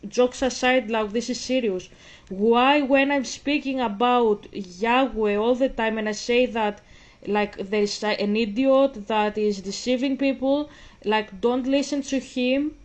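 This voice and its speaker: A woman's voice: on the high side, darkish tone. A woman vlogging in a casual way, reading passages aloud, then breaking off to question and argue, hesitant and searching. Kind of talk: casual vlog commentary.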